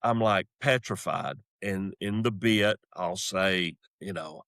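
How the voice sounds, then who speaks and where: A man's voice: low-pitched, slow pace, no room sound, studio quality. A middle-aged man with a Southern accent, a comedian casually telling a story. He moves in and out of quoted voices as he talks. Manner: animated, acts out voices and quotes. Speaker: comedian guest.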